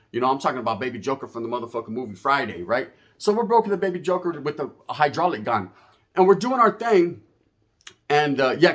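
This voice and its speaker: Profane man ranting. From US West Coast. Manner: profane, emphatic street slang; animated, swings between loud and low. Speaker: channel host. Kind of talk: casual storytelling rant to camera.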